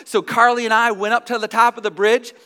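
High bright-voiced preacher man. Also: a little fast, smooth. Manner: animated, conversational storytelling. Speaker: pastor. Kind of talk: sermon.

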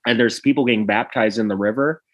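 A man co-hosting a podcast, chatting casually and retelling TV scenes with squeaky put-on voices. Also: quick pace. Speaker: podcast co-host. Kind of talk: casual chat.

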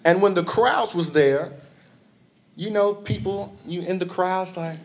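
A man preaching an impassioned evening sermon, swinging between loud calls and soft asides, drawing responses from the congregation. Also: high-pitched, moderate pace.

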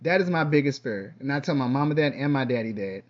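A man hosting his own podcast in a casual, rambling monologue, with lively bursts and quiet trailing asides. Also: medium pitch, fast, muffled recording. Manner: chatty, loose, drifts between topics. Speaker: podcast host.

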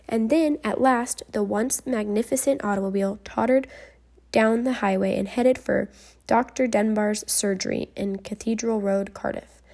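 A woman reading a memoir aloud in a measured storybook manner, dropping to a soft whisper at tense moments. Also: medium pitch, creaky. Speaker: reader.

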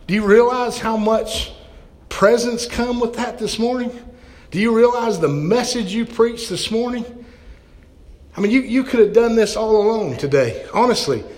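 A male pastor delivers a heartfelt sermon with a fairly high voice, often stumbling over repeated words as he builds momentum. His voice rings with the long reverb of a church hall. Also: a little mellow. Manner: impassioned, stammering repeats.

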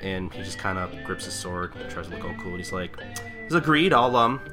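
A man's voice: low voice, quick pace, over music. A man co-hosting a podcast, recapping a manga chapter in a rambling, casual way with lots of fillers. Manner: rambling, many fillers, lively. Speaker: podcast co-host.

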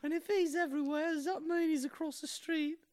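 A man's voice: very high voice, steady tone, brisk, dry recording, clean studio sound, voice pushed up. A man voicing a cheeky little boy in a told joke, speaking in a prim, overly polite way. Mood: innocent.

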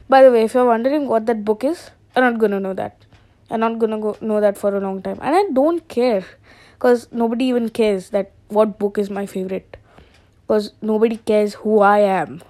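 A woman's voice: mid-range voice, steady tone, moderate pace, a little mellow, dry recording. A young woman from India talking alone at home at night into a phone voice memo, chatty and self-deprecating, jumping between topics. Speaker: solo podcaster. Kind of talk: rambling casual monologue.

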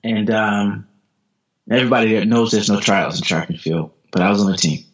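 Energetic American man on a podcast. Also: fairly low pitch, moderate pace. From United States. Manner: energetic, repeats words, laughs often. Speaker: guest, sprinter. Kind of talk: motivational podcast storytelling. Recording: dull lo-fi podcast audio.

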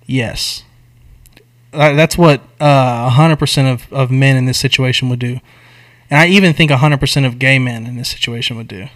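A young man chats casually on a podcast, recounting a film plot with lots of swearing and slang. His delivery is animated and jumps between quiet asides and loud emphasis. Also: medium pitch, normal speed. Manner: animated, profane storytelling with slang. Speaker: podcast co-host. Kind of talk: casual chat, retelling a movie plot.

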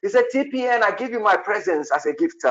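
A man leading a prophetic prayer session, shouting in fervent bursts, repeating phrases and breaking into tongues, with a gravelly voice. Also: high voice, animated, fast talker, lo-fi sound.

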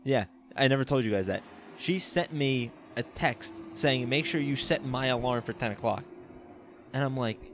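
A young man telling an animated, laughing story in casual chat among friends. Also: mid-range voice, normal speed, slight background noise.

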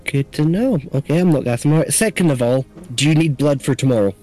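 Stammering man with lively jumps. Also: brisk. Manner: stammering, restarts often, jumps high in pitch. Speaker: player. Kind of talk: casual tabletop game chat with in-character lines. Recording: faint music behind.

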